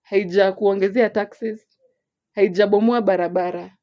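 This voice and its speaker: A young woman with a Kenyan accent, co-hosting a casual podcast chat in an animated way. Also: mid-range voice, measured pace, dull audio. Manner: animated, mixes English and Swahili, laughs often. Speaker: podcast co-host.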